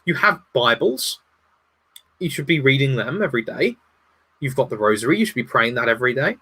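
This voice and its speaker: Earnest bright-voiced man. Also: mid-range voice, fairly quick, husky. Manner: earnest, advising, animated. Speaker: guest. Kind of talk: casual livestream discussion.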